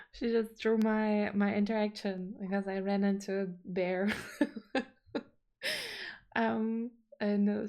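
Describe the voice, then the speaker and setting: A woman's voice: mid-range voice, a little mellow. A young woman streaming her drawing, chatting casually and gushing as she reads chat aloud. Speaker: art streamer.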